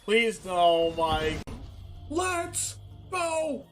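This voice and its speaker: A male game streamer giving excited live commentary on his own play, full of yelps and shouts. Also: sits high, very slow, faint music behind.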